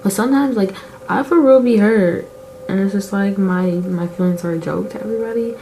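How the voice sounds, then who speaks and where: This beauty vlogger, a girl in her late teens, talks briskly in a mid-range voice that's gravelly yet mellow as she does her makeup. She's chatty, rambling, and confessional, heavy on "like" fillers and open and emotional about how she feels, captured in a low-quality recording with slight background noise.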